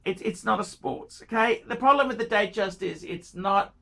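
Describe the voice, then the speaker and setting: A man's voice: high-pitched, moderate pace, gravelly, pushed and bright. A man giving watch-buying advice in a casual rant, pushy and pleading, repeating himself and throwing in crude jokes.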